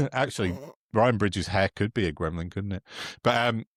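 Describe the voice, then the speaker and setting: A man's voice: lowish voice, moderate pace, no echo, clean studio sound. A man co-hosting a podcast, telling stories in a mocking, sweary, casual way. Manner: sweary, mocking, chatty storytelling. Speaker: podcast co-host. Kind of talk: casual political chat.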